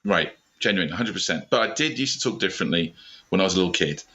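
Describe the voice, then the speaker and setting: A man's voice: sits low, expressive, fast talker, sharp tone. A middle-aged British man, a founder being interviewed on a podcast, talking with dry, self-deprecating humour. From Britain. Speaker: startup founder, guest.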